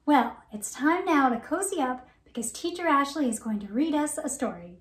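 A woman leading a preschool circle time lesson, with slow, encouraging, sing-song praise. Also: high-pitched, animated. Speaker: preschool teacher.

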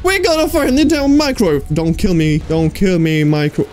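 A man playing a horror video game, reacting out loud, talking to its characters and swearing mildly between loud outbursts and nervous laughs. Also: sits high, expressive, moderate pace, faint music behind. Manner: jumpy, talks to the game characters, mild swearing. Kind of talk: let's play commentary.

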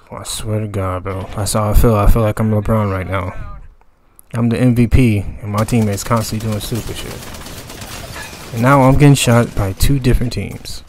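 A man's voice: fairly low pitch, fairly even intonation, unhurried, long pauses, a little mellow, slight background noise. A young man giving profane, exasperated commentary over his gameplay, ranting about his teammates. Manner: exasperated, ranting, heavy swearing. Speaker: gaming channel commentator.

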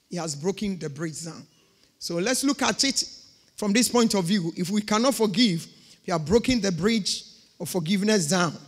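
A woman pastor preaching a sermon with emphatic, repeated phrases. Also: lowish voice. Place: church. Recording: long reverb of a church hall.

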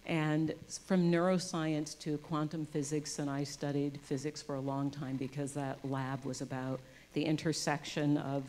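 Before a live congregation, a deep-voiced woman speaks as a church guest, delivering an uplifting message on love and spirituality laced with self-deprecating humor. Her delivery shifts between hushed intimacy and loud emphasis, and she performs the voices of the characters in her anecdotes.

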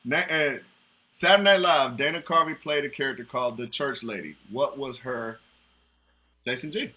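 A man with a medium-pitched voice and a bright, forceful tone hosts a casual trivia night over a video call, speaking at a moderate pace. He teases the players and laughs a lot, heard through a video call mic.

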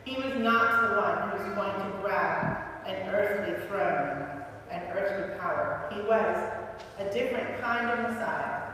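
A woman preacher giving a reflective sermon, measured, slowing down for emphatic questions, recorded in a large church. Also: medium pitch, a bit bright, slight background noise. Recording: echoey church hall from far off.

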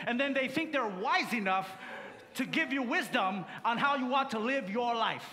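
A male pastor delivers an animated sermon, telling stories and drawing call-and-response from the congregation. His voice sits high and sounds bright and forceful. It rings through a church sanctuary with a long reverb tail. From Samoa. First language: Samoan.

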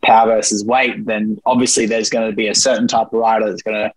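A man's voice: fairly low pitch, little pitch movement, quick pace, no echo, low-quality recording. A man chatting on a podcast, hesitant, with lots of restarts and hedging. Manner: hesitant, restarts and hedges a lot. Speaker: podcast co-host. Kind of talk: casual podcast chat.

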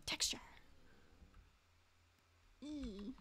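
A woman's voice: high voice, drawn-out words, pushed and bright, a little hiss or hum. A woman streaming a game live, chatting casually with viewers and teasing them as she plays. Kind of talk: casual live-stream chat while playing.

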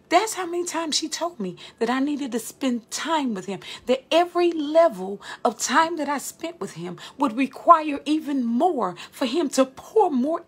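Middle-aged woman, high voice, fervent testimony, talks straight to the crowd as y'all. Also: fairly bright tone. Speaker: beautician and instructor giving testimony. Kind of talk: emotional spoken testimony.

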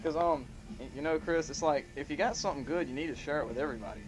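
A man hosting an amateur home-made show, reading a list aloud in a mock-serious way and punching the quoted bits loudly. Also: fairly high pitch, rapid-fire. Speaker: host. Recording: muffled home tape with faint hiss.

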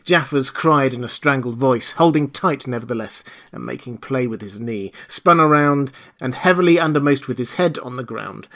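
Expressive male audiobook narrator. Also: medium pitch, moderate pace, few pauses. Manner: dramatic, expressive storytelling. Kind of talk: scripted narration.

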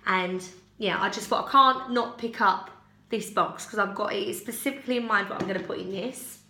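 A young woman from the UK, a haul vlogger, chats casually at home about her purchases in a mid-range voice at normal speed, bright and forceful in tone. She rambles and self-corrects with little giggles; the echoey recording carries a little hiss or hum.

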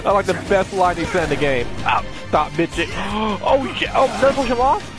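A young man giving excitable, jokey commentary while playing a video game. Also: sits high, a little fast, over music. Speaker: gaming YouTuber. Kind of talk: casual gameplay commentary.

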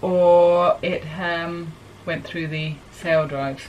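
Wry low-voiced New Zealand woman. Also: steady tone, very slow, lo-fi sound, slight background noise. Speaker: sailing vlogger. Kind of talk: casual talk to camera. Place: aboard a sailboat.

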